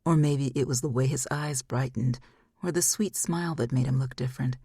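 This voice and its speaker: A woman's voice: a bass voice, steady tone, a little fast, dark tone, breathy edge, no room sound, clean studio sound. A woman narrating a fantasy audiobook in a scripted style, acting out the characters' lines. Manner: acts out each character's lines.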